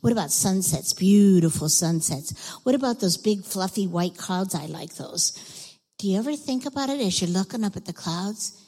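A woman teaching children in church, speaking in a breathy, animated way and leading the group in shouted chants. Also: medium pitch, moderate pace, big-room sound. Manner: animated, leads group chants in a loud call. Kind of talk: children's sermon. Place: church sanctuary.

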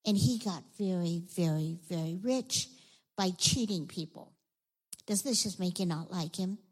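A woman leading a children's sermon, telling a Bible story in an animated way and asking the kids questions. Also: on the low side, a little slow, rough recording.

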